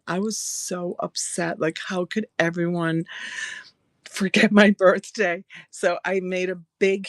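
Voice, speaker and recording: A woman's voice: medium pitch, no room sound, studio quality. Chatty woman in her sixties. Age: 60s. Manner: chatty, laughs often, greets viewers by name. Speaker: live-stream seller. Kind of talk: casual live-stream chat and storytelling.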